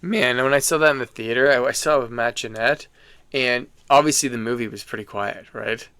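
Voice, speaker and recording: A man's voice: mid-range voice, brisk, smooth, no echo, clean studio sound. A man co-hosting a podcast, chatting loosely, telling anecdotes and swearing freely. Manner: animated anecdotal storytelling. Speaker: podcast co-host. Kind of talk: casual chat.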